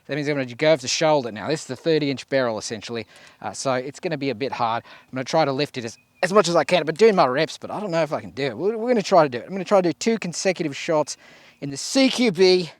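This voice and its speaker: Man, Australian accent, fairly high voice, excitable, constant swearing, casual vlog host, outdoor range. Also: quick pace, no echo.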